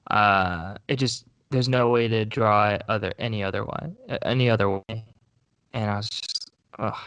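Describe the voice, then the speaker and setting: A man's voice: medium pitch, normal speed, fairly bright tone, smooth, no room sound. A young man co-hosting a podcast, chatting casually and rambling with restarts. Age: young adult. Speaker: co-host.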